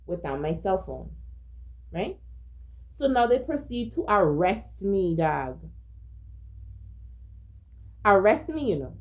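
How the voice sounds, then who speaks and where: A woman's voice: mid-range voice, sing-song, slow pace, long pauses, a little mellow. A woman telling a personal story in a casual monologue, agitated, profane, emphatic and repetitive. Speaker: storyteller recounting a personal incident.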